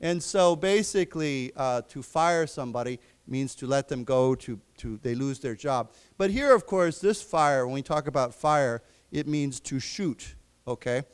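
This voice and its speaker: A man teaching a live English class, slowly explaining vocabulary and quizzing his students. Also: medium pitch, clear, resonant tone. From United States. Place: library lecture room.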